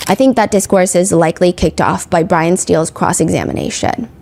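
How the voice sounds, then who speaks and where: A woman hosting a podcast, giving casual commentary on a courtroom trial, chatty and animated, filling her talk with "like". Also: fairly low pitch, brisk, gravelly. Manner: chatty, heavy use of "like"; animated, emphatic retelling. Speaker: podcast host. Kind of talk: casual true-crime commentary.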